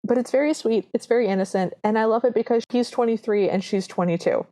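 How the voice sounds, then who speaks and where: A woman's voice: on the high side, quick pace, dark tone. A woman co-hosting a podcast in casual chat, gushing with enthusiasm as she describes scenes. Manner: enthusiastic, gushing, often quotes characters. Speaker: podcast co-host.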